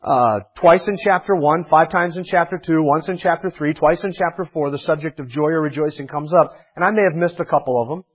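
A man's voice: fairly high pitch, brisk, hardly any pauses, husky, lo-fi sound. A man preaching a sermon as a pastor, in a conversational way with dry humor and emphatic repetition.

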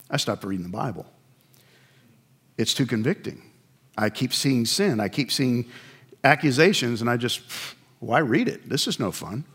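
A middle-aged man preaching a sermon in a mid-pitched voice. He talks to the congregation like he is chatting with them, and often drops low and quiet for confessional asides. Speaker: pastor.

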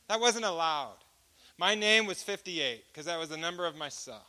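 A man preaching a personal testimony as an animated storyteller who acts out each exchange of dialogue. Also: high voice, normal speed. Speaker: speaker giving a testimony.

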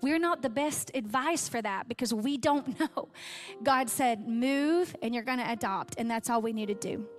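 A woman's voice: fairly high pitch, moderate pace, faint music behind. A woman giving a heartfelt sermon testimony, her voice catching with emotion as she tells her story.

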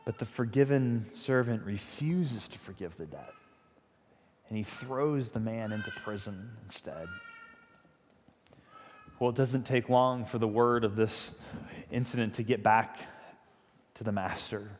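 A man's voice: on the low side, a little slow, pauses often. A male pastor giving a sermon in a conversational, emphatic storytelling manner. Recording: long reverb of a large hall.

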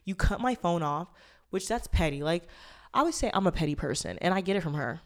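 A woman's voice: lowish voice, expressive, brisk. A young woman in her twenties hosting a casual solo podcast, talking candidly and rambling with lots of fillers and swearing. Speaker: podcast host.

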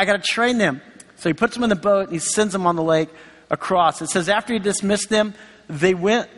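Man, pastor, high voice, sermon, chatty, long hall reverb. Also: fairly bright tone. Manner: conversational, acts out quoted voices.

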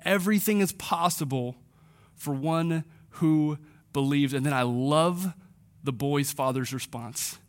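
A pastor giving a conversational sermon, slowing down and dropping his voice for emphasis. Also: a little high. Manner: conversational preaching, slows for emphasis.

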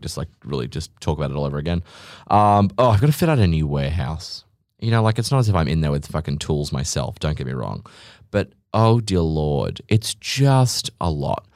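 A man hosting a podcast, ranting sarcastically and swearing, often mimicking people in a high voice. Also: a little mellow, no room sound, clean studio sound. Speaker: podcast host, business owner. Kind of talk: casual podcast monologue.

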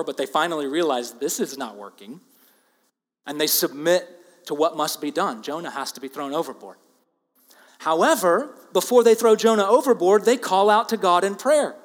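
A man with a somewhat high voice delivers an earnest expository sermon. He leans hard on key words and then drops to quiet asides. His voice carries a long reverb, as if from a large hall or sanctuary. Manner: earnest, emphatic, swings between loud stress and quiet asides. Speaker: preacher.

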